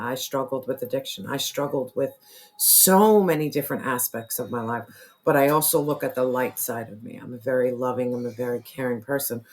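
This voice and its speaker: Hoarse, earnest tarot reader. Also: medium pitch. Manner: earnest, repetitive, speaks straight to the viewer. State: losing voice, hoarse, clearing throat. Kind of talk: casual spiritual tarot reading to camera.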